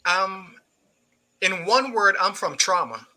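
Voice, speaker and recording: Jamaican male guest, middle-aged, very bright tone, earnest testimony. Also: high-pitched, expressive, slow, rough recording. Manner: earnest storytelling, acts out remembered speech. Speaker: guest, poet. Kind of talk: personal testimony in an interview.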